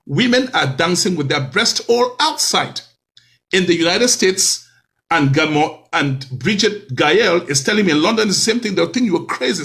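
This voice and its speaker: A man hosts a talk show in a high, bright voice. His pitch swings widely as he preaches at his audience and piles up rhetorical questions. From Cameroon. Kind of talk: hosting a video talk show.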